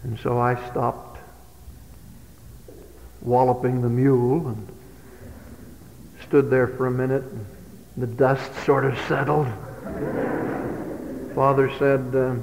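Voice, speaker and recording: A man's voice: mid-range voice, level tone, slow, vocal fry, pauses often, a little mellow, a little hiss or hum. A man giving a speech to youth, telling humorous stories in a folksy way. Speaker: speaker. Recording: dull old hall recording with long reverb.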